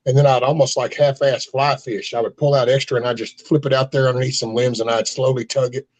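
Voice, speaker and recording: A man's voice: mid-range voice, level tone, quick pace, a little mellow, low-quality recording. A man hosting an online chat and telling a loose, folksy fishing story with plenty of cussing. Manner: loose, profane, folksy yarn-spinning. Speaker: host.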